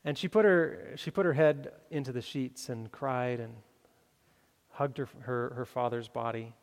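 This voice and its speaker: A man's voice: mid-range voice, a little slow. A man preaching a sermon, telling a story with many fillers and restarts before making his appeal. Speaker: pastor. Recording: long hall reverb.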